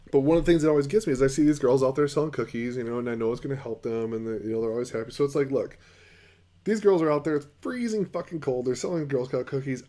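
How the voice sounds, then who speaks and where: A man's voice: medium pitch, dark tone. A middle-aged man hosting a casual solo podcast, blunt and profane as he rants about business. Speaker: podcast host.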